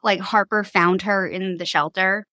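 A woman's voice: mid-range voice, fairly even intonation, a little slow, sharp tone, dry recording. A woman in her thirties from Long Island, New York, a podcast guest telling her family story in a candid, chatty way and laughing easily. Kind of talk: casual storytelling.

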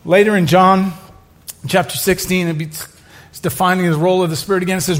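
A middle-aged male pastor preaching a sermon, telling stories with joking asides and building to loud exclamations. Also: high voice, little pitch movement, brisk.

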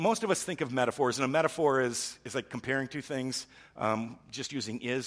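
A middle-aged man preaching a sermon, swinging from loud, urgent emphasis down to a hushed near-whisper. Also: medium pitch, breathy edge. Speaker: pastor.

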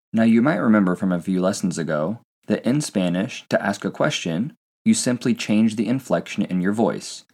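A man hosting a scripted Spanish lesson for English speakers, slowing down to model each example phrase carefully. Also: fairly low pitch, a little mellow, husky. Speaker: Spanish teacher.

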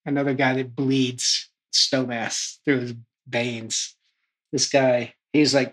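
A snowboard school staffer telling a lively anecdote in a casual interview. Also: mid-range voice, moderate pace, rough recording. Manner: lively anecdotal, laughing asides.

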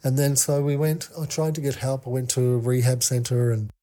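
A man telling a candid personal story as a podcast guest, halting with many fillers and restarts. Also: medium pitch, fairly even intonation, dark tone.

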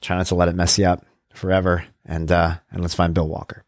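A man's voice: sits low, completely flat delivery, fairly quick, dry recording, studio quality. A man hosting a show, talking casually and rambling about parenting and his blog. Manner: conversational, rambling, self-deprecating. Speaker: podcast host and parenting blogger. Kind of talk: casual monologue.

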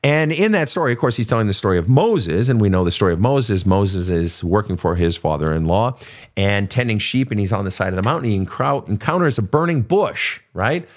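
Older male therapist-host, low voice, very lively pitch, profane and conversational. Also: brisk. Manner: animated, profane, storytelling with acted quotes. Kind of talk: casual advice talk.

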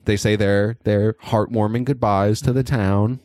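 A man's voice: lowish voice, fairly even intonation, a little slow, darkish tone, no echo, clean studio sound. A man co-hosting a podcast, recapping a film in crude, rambling casual chat. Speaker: podcast co-host.

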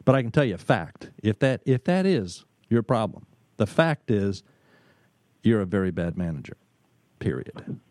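A middle-aged man, a business consultant, telling stories in an emphatic talk, pausing often and repeating words. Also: lowish voice, big pitch swings, darkish tone, no echo. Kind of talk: storytelling talk.

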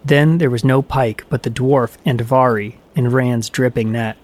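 A man reading a myth aloud as a storyteller, in an even, measured way. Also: mid-range voice. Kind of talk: scripted narration of a myth.

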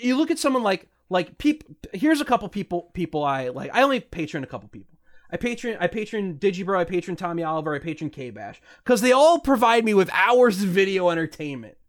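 A man in a casual podcast chat, ranting with heavy profanity and sarcasm. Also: sits high.

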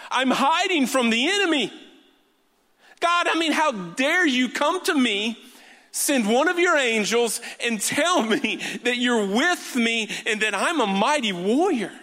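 A man's voice: very high-pitched, lively intonation, measured pace, pushed and bright, voice pushed up, full character voice. A preacher voicing a frightened man who protests that he is no warrior and is hiding from his enemies. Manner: protesting, incredulous. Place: church hall. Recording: long hall reverb.

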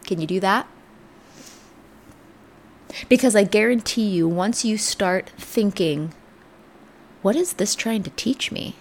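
A woman hosting a podcast, giving an earnest, reflective motivational talk that sometimes drops to soft near-whispers. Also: mid-range voice, lively intonation, slow pace, long pauses, slight background noise. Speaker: podcast host. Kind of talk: motivational self-help talk.

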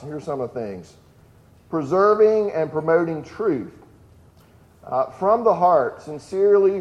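A pastor giving a conversational sermon, reading lists aloud and breaking off into casual asides. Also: male voice, a little high, darkish tone, muffled recording. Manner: reads lists of items aloud with emphasis.

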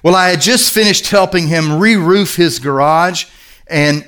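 A man's voice: fairly high pitch, a little slow, fairly bright tone, clean tone. A middle-aged male pastor preaching a sermon in an earnest, conversational storytelling manner.

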